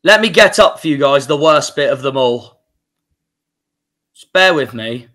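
A man's voice: medium pitch, expressive, unhurried, sharp tone. A young man with a Cornish accent, angry and swearing as he hosts a football fan livestream reaction. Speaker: football fan channel host.

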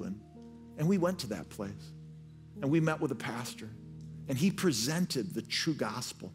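A man's voice: medium pitch, expressive, a little slow, faint music behind. A man preaching a sermon as pastor. He tells his story earnestly and often repeats words as he restarts. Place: church stage.

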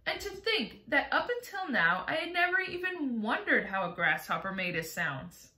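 A woman puts on a small boy who is eager and full of wonder, pitched high above her own voice. It bounces brightly in a roomy echo. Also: sing-song, moderate pace, heavily acted. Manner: wondering, earnest.

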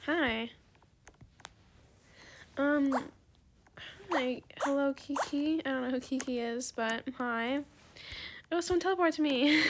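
A woman giving casual gameplay commentary, excitable and gushing, then soft and apologetic when she turns down offers. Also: sits high, slow, vocal fry, long pauses, a little hiss or hum. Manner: apologetic, soft-spoken when declining trades. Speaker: gaming video creator.

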